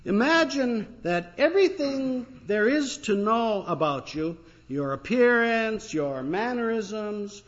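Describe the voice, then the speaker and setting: Male pastor, sermon, conversational storyteller with fillers, slightly high voice, muffled church recording. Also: expressive, slow pace, hardly any pauses.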